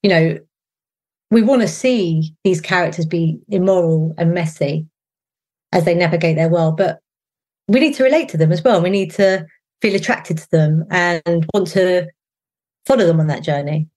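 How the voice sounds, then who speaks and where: A middle-aged woman with a strong South East London accent who talks in a chatty, animated way with lots of fillers and restarts as an interview guest. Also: lowish voice, moderate pace. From England. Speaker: showrunner guest. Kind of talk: casual interview answers.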